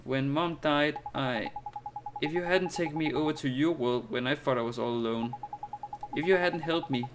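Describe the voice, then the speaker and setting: A man's voice: on the high side, moderate pace, background noise, voice pushed up, natural voice. A man doing an earnest young boy hero. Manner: earnest, sincere, eager. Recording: game music behind the voice.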